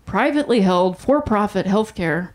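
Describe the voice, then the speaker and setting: A woman in her thirties hosting a live show and doing stand-up, telling stories in an animated way and laughing through her lines. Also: medium pitch, normal speed. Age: 30s. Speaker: host and stand-up comedian. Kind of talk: live stand-up comedy set. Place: comedy stage before a live audience. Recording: loud background noise from the room. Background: audience laughter.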